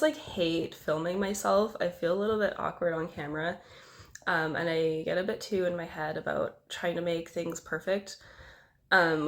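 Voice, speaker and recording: Congested, nasal woman with vocal fry. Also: fairly low pitch, fairly bright tone. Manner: rambling and self-conscious, with many filler words. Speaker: beauty vlogger. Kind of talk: casual talk to camera.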